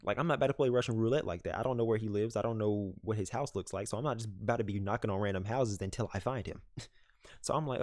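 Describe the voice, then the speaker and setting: A young man casually retelling a story for his vlog, animated, with many fillers. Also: lowish voice, quick pace, no echo. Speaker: vlogger. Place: home room, dog nearby.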